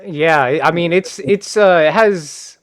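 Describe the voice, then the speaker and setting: A young man chatting on a podcast in a laid-back, reserved way, pausing on fillers. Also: fairly high pitch. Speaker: podcast guest, gaming YouTuber. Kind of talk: casual podcast chat.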